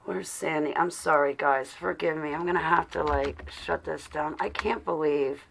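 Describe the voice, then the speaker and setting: A woman with a low, creaky voice speaks at a normal pace over slight background noise. She's hosting a casual livestream, chatting with viewers and muttering to herself while she searches for something. Flustered as she looks, she still gives her viewers affectionate shout-outs.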